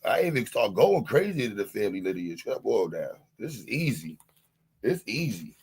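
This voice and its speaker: A man's voice: fairly low pitch, big pitch swings, brisk, a little mellow, breathy edge. A man on a live-stream panel, boasting and taunting, leaning on the same catchphrases again and again in a heated rant.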